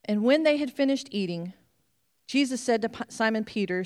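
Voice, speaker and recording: Woman preacher, a little high-pitched, animated storyteller doing voices. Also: normal speed. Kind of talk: sermon.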